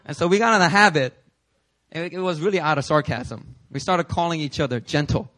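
Preaching at a church service, this thirtysomething pastor from New York speaks on the high side at a fairly quick clip. His sermon mixes joke-filled stories with a climb toward loud, forceful shouting.

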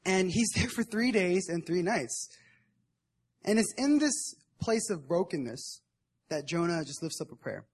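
A man's voice: high voice, expressive, unhurried, a little mellow, breathy edge. A young man preaching at a prayer meeting in a casual, conversational way, retelling a Bible story in everyday slang. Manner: conversational, acts out Bible figures in modern slang. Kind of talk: casual sermon.

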